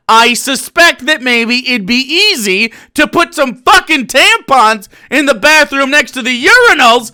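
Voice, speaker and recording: A man with a high, bright voice rants in reaction commentary. He mocks with sarcasm and swears freely. His pitch leaps around, and he often breaks into shouting. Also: lively intonation, unhurried, few pauses, clean tone. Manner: sarcastic, profane, swings from mocking to shouting. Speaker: streamer reacting to a podcast.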